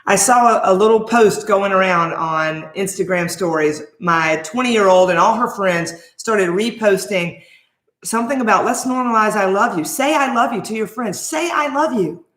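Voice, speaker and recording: Forties woman coach, motivational chat to camera, punchy and animated, middle pitch, echoey room sound. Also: normal speed. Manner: lively, emphatic, conversational with rhetorical questions. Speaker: life coach. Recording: roomy echo.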